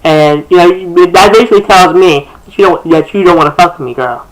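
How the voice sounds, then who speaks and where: A man's voice: sits high, a little fast, rough recording. A young man talking casually to his camera, breaking down his own song lyrics in a sassy, chatty, rambling way. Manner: sassy and chatty, calls people girl, many restarts. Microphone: camera facing him.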